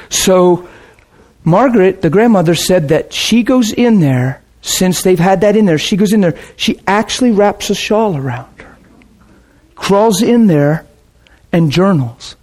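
A pastor preaches to his congregation in a chatty, rambling storytelling way. His voice is slightly higher than most men's, and it swings from quiet low asides to excited, raised bursts. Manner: casual, rambling, with restarts and laughter. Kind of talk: sermon storytelling.

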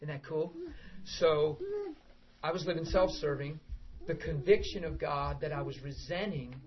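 Middle-aged male preacher, high voice, lively storyteller, muffled lo-fi sound. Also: moderate pace, a crowd in the background. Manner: animated storytelling, bursts into shouting and laughter. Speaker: pastor. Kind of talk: sermon. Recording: dull lo-fi sound.

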